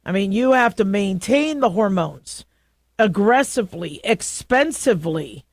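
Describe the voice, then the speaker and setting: A woman's voice: mid-range voice, unhurried, dry recording. A middle-aged woman hosting a radio talk show, chatting casually and telling stories with lots of fillers. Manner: chatty, animated storytelling with frequent fillers.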